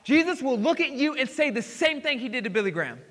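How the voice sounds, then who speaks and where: Excitable guy preaching, high bright voice, lots of hall echo, goes loud then hushed. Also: quick pace. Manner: excitable, swings between loud exclamations and hushed asides. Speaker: pastor. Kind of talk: sermon. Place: church sanctuary. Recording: hall reverb.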